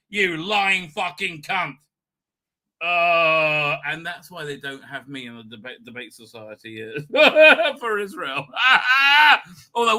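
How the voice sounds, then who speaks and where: A man's voice: fairly high pitch, sharp tone. A man hosting a livestream, ranting in a heated, profane way. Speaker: host. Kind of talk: livestream commentary.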